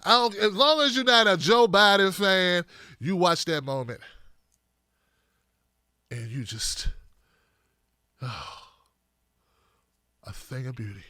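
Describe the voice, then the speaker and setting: A male host doing comedic political commentary in an animated, riffing manner. His voice is fairly high and bright. The recording is close and dry. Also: takes it slowly, pauses often, no room sound. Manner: animated, riffing, exaggerated jokes.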